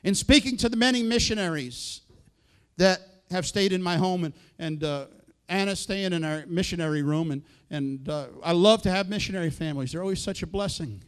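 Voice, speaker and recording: A man's voice: high-pitched, fairly quick, clean tone. A middle-aged male pastor preaching a sermon in a conversational way, full of rhetorical questions and quoted asides.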